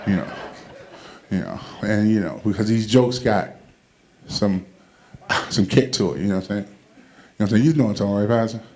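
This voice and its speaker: Rambling New comic, roomy venue. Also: male voice, lowish voice, a little fast, pauses often, darkish tone. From Brooklyn, New York. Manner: loose, rambling, laughing at his own jokes. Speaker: stand-up comedian. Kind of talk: stand-up comedy routine. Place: comedy event venue.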